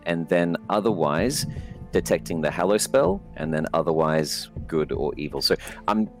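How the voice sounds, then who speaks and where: A man speaking as a player in a tabletop game, hesitant with many fillers and quick to laugh. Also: sits low, animated, faint music behind. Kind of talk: casual chat in a tabletop game.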